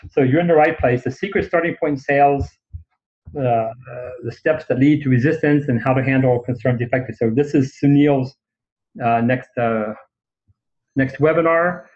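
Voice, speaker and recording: A man's voice: medium pitch, darkish tone. Blunt joking man on a webinar. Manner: blunt, joking, halting restarts. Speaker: guest speaker. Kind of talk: webinar presentation. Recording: dull lo-fi webinar audio.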